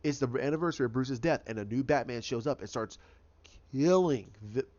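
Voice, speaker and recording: A man's voice: mid-range voice, brisk, darkish tone, highs cut off. A man giving a casual, rambling recap of a TV episode, often repeating himself and restarting his sentences. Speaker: show recap host.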